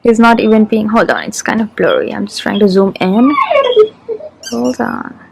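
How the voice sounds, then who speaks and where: A woman vlogging casually, chatting excitedly and talking straight to her viewers. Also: mid-range voice, normal speed, vocal fry, heavy background noise. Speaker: lifestyle vlogger. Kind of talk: casual vlog narration to camera.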